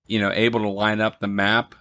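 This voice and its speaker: A young man with a low voice walks through a movie's plot on a casual review podcast. He talks loosely, with plenty of ums, and slips in short laughs as he recaps scenes. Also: little pitch movement, pushed and bright. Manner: retells the plot with many ums, laughs and quick mock voices. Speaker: podcast co-host.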